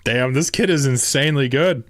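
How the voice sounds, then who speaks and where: A man's voice: medium pitch, brisk, a little hiss or hum. A young man streaming a drawing game, talking casually with lots of swearing and laughter. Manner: profane, excitable, laughs often. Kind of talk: casual live-stream commentary.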